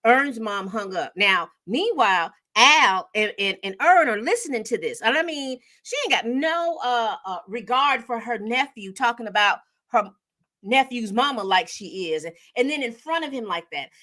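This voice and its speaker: Woman, high bright voice, chatty TV recap host, lots of fillers. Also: normal speed. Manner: chatty, animated storytelling with acted-out quotes; frequent fillers and self-corrections. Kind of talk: casual TV episode recap.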